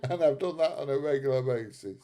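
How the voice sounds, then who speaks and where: This middle-aged man with a British English accent runs a live stream, casually working through viewer comments, laughing a lot and addressing people as mate. His voice is mid-range and expressive, a little fast, with a dark tone.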